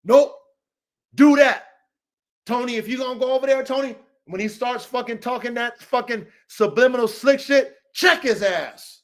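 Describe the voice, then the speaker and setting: High-voiced man on a heated rant. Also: moderate pace, hardly any pauses. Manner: profane, confrontational, repetitive, calls out names. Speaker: podcast host.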